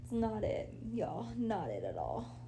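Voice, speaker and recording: A woman's voice: mid-range voice, wildly swooping pitch, measured pace, mellow, slight background noise. A young pregnant woman livestreaming from her apartment while lying down, chatting casually with viewers and saying "like" and "y'all" a lot. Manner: chatty, laid-back, says "like" and "y'all" a lot. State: pregnant, a little out of breath.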